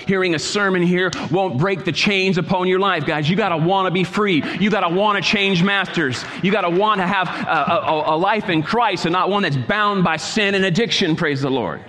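Preacher guy with a high voice, keeps repeating himself and calling out to the church, long echo around him. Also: normal speed, few pauses, slight background noise. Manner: repetitive, exhorting preacher who swings between quiet asides and loud calls. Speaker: pastor. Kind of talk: sermon.

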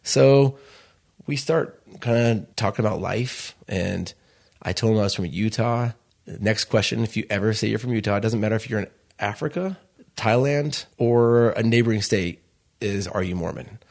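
Gravelly-voiced man telling a long story. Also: on the low side, normal speed, a little mellow. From Chicago. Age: 30s. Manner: loose, rambling storyteller acting out quoted dialogue. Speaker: restaurant owner. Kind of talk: storytelling interview.

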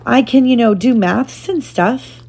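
A woman's voice: a little high, unhurried, creaky, darkish tone, husky, pitched above the performer's own voice, heavily acted. A woman reading as a puzzled young boy. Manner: eager questioning. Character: puzzled eleven-year-old boy.

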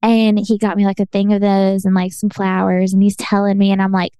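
A young woman co-hosting a podcast, spinning a story with lots of "like" and quick laughs. Her pitch stays in a middle range, and the sound is dry and close to the mic. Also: smooth, no room sound. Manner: animated, laughing, filler-heavy storytelling. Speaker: podcast co-host. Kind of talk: casual storytelling chat.

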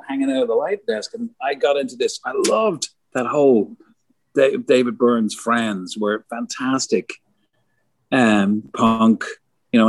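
In a medium-pitched, darkish voice with no room sound, a middle-aged man who designs concert lighting chats casually, wandering through backstage anecdotes. He curses freely and performs others' dialogue.

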